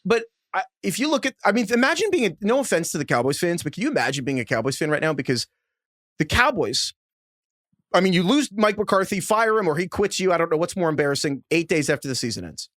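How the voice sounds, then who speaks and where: A man co-hosting a football podcast in a lively, exasperated rant. His pitch swings widely as he builds his case. The sound is dry and close, like a studio mic. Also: fast, no echo. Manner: animated, exasperated ranting with restarts. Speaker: podcast co-host. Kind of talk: casual sports chat.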